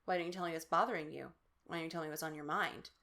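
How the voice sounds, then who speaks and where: A woman voicing a smooth-talking male police officer who coaxes a boy. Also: deep voice, steady tone, racing, sharp tone. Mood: coaxing.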